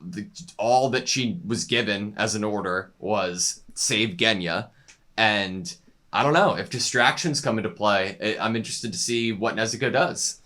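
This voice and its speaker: A young man with a low, bright, forceful voice. He talks eagerly and easily in a casual discussion and is quick to agree with his co-host. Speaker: co-host of an anime reaction channel.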